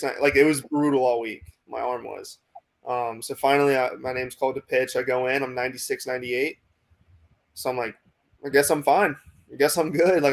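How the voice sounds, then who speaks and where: This young man speaks in a steady, fairly level tone at a middle pitch, keeping the story loose and rambling. He keeps saying "like" and "you know" and slips into quoted back-and-forth with his coaches. It comes across as laid-back guest chat on a podcast. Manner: acts out quoted coaches in dialogue. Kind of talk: casual storytelling interview.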